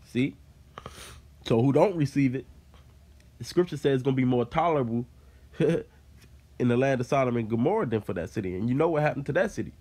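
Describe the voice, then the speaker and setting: A man's expressive, dark-toned, mid-range voice moves fairly quickly yet leaves long pauses as he teaches the Bible informally. After reading scripture aloud, he explains it casually, saying things like "man."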